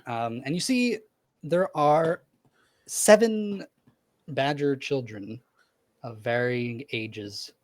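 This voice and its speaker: A man's voice: mid-range voice, expressive, takes it slowly, long pauses, dry recording. A man narrating a tabletop game as game master, rambling with lots of "like" and "um".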